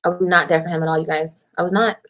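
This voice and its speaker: A woman telling her side of a breakup on a livestream in an animated, profane way, repeating lines for emphasis. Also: fairly low pitch, fast. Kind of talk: casual livestream storytelling.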